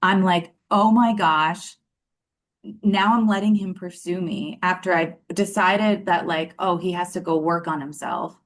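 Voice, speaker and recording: A woman in her thirties telling her love story in a casual interview, animated and acting out what people said, with lots of fillers. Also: lowish voice, normal speed, hardly any pauses. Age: 30s. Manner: animated, acts out quoted dialogue, many fillers.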